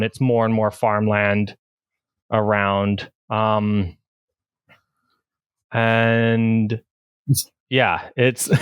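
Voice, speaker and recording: A man in a medium voice guiding players through a tabletop game, with many fillers. His tone is smooth and clear, and the recording is dry and close. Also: medium pitch, fairly bright tone, no echo. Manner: casual, filler-heavy narration. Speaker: game master.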